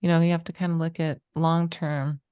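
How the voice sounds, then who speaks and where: A woman's voice: low voice, level tone, fairly quick, clear, resonant tone, no room sound, muffled recording. A middle-aged woman co-hosting a podcast, talking reflectively and agreeing readily. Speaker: podcast co-host. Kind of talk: conversational interview.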